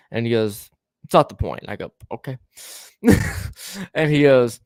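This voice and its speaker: A man's voice: medium pitch, lively intonation, moderate pace, no room sound, clean studio sound. A man casually telling a story to a co-host, rambling with stammering restarts and swearing, acting out the lines of the people in it.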